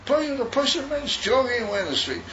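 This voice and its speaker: A man's voice: extremely high pitch, sing-song, moderate pace. An older man from Australia, telling a meandering story at a yeshiva gathering and mixing in Yiddish words. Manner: meandering, repeats and restarts, mixes in Yiddish words. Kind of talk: rambling storytelling talk. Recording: dull, noisy recording.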